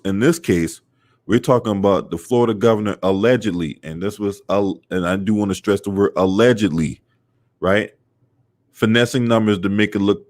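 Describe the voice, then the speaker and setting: Hosting a sports and politics channel, this man has a low, slightly mellow voice. On his casual commentary stream he speaks loosely, curses freely, peppers his lines with "um" and "you know," and shouts out viewers in chat along the way.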